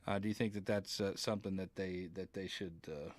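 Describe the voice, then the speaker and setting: A man's voice: low-pitched, fairly even intonation, a little fast, no echo. A man hosting a podcast, rambling through casual gaming talk, reading viewer comments and swearing now and then. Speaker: podcast host.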